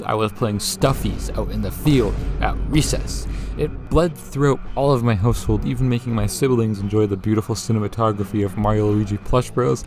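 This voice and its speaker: A young man, a YouTuber, narrating his own vlog in a jokey, lively way with swearing and laughs. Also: mid-range voice, vocal fry.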